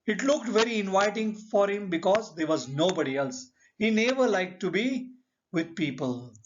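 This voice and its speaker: A man with an Indian English accent teaching a literature lesson, speaking slowly and deliberately and asking rhetorical questions. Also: high voice, a bit bright. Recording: dull lo-fi recording.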